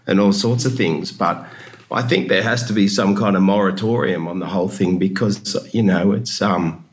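A man's voice: sits low, moderate pace. A man answering a question in conversation, hesitant with stammering restarts. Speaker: guest. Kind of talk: casual conversation.

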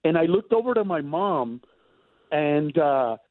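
A high-pitched man spins family stories in loose, animated chat, breaking into laughter as he acts them out. The sound is dry and narrow, almost like a phone line. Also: measured pace, no room sound. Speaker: stand-up comedian guest. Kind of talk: casual storytelling chat.

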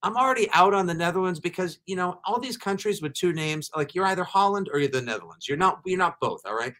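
A man hosting a casual sports chat, energetic and joking, launching into riffing rants. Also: high voice, fast talker. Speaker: podcast host.

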